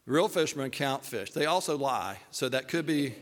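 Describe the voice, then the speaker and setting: A man preaching a sermon as animated, humorous storytelling, slipping into voices for the characters. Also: mid-range voice, moderate pace, long reverb tail.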